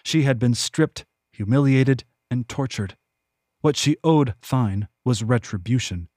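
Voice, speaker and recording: An audiobook narrator, a man, reads from his own fantasy novel in a steady, measured storytelling voice. His pitch is ordinary and mid-range, and the scripted narration is captured close-up and dry, with no room sound.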